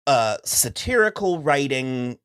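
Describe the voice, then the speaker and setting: A man's voice: medium pitch, big pitch swings, slow pace, fairly bright tone, smooth, no room sound, clean studio sound. A man co-hosting a casual TV recap podcast, frank and exasperated, often restarting his sentences. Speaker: podcast co-host.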